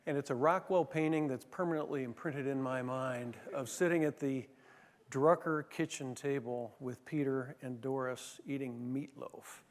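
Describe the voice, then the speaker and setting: A man's voice: medium pitch, moderate pace. A man giving an anecdotal leadership talk, telling stories with many fillers and restarts. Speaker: former managing partner giving a talk. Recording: long hall reverb.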